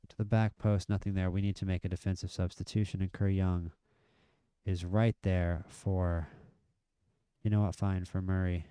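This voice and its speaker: Male game streamer with a low, smooth voice, chatty live match commentary, excitable at big moments. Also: no room sound, clean studio sound. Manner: chatty, excitable at near misses and goals.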